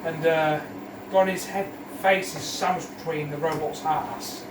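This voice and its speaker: A man's voice: a little high, steady tone, unhurried, background noise. A young man cooking with a friend at home, chatting crudely and joking, heard in an echoey kitchen from some distance. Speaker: co-host. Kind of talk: casual chat while cooking.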